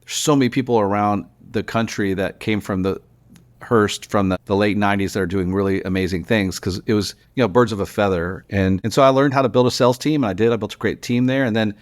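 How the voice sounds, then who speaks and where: Man, forties, lively storytelling, casual interview talk. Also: on the low side. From Texas. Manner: animated storyteller, quick restarts. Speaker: guest, news publisher founder.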